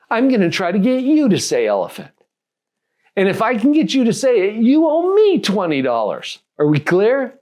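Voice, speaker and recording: High-voiced man, animated coaching talk. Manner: animated, acts out dialogue in different voices; asks the listener rhetorical questions. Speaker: life coach. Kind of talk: motivational teaching talk.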